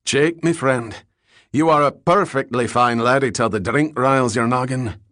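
A man's voice: medium pitch, moderate pace, fairly bright tone, no echo, studio quality, pitched above the performer's own voice, natural voice. A man voicing a big, jovial, drunk Scottish ex-boxer in his forties, with a Scottish accent and a hearty, rolling way of talking. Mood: genial. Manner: hearty, evasive, rolling speech.

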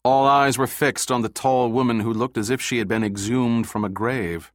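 A man narrating an audiobook in a steady, measured scripted reading. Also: medium pitch, no room sound, clean studio sound.

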